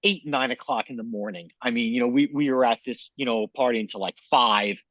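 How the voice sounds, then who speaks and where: A man's voice: medium pitch, fairly quick, a bit bright, no echo, dull audio. A man co-hosting a podcast, telling a rambling story in casual chat and acting out quotes. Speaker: podcast co-host.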